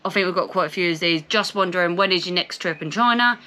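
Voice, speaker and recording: A young woman with a Portsmouth English accent, chatting animatedly and reading viewer comments aloud on a travel vlog. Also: lowish voice. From England. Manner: chatty and animated, quick reactions. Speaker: travel vlogger.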